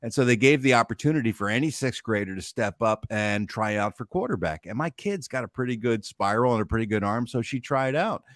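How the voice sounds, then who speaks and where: A middle-aged man chatting as a guest, talking about his daughter in a measured, reflective way. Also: medium pitch, expressive, a bit bright, dry recording, studio quality. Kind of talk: casual chat.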